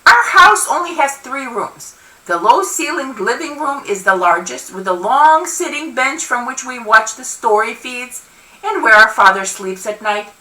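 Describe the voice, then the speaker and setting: A woman author reads her novel aloud, narrating expressively in the first person. Her voice is high and bright, with lively pitch. She sounds distant in a roomy space. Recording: roomy, from far off.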